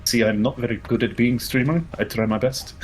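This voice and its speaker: A man's voice: medium pitch, fairly even intonation, fairly quick, a little hiss or hum. A male streamer chatting while he plays, putting on a fake Russian accent and dropping his articles. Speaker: streamer and host. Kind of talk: casual gaming livestream chat.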